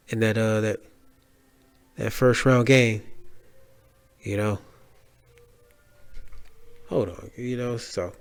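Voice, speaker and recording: A man hosting a solo podcast, talking casually with slang and restarts, heartfelt and rambling. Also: medium pitch. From Dallas area. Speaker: podcast host.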